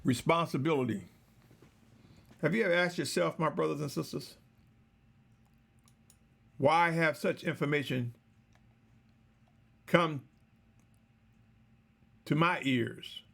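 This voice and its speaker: A man delivering a slow, measured, exhorting sermon, repeatedly addressing his listeners as brothers and sisters. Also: fairly high pitch, vocal fry, a bit bright. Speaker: preacher.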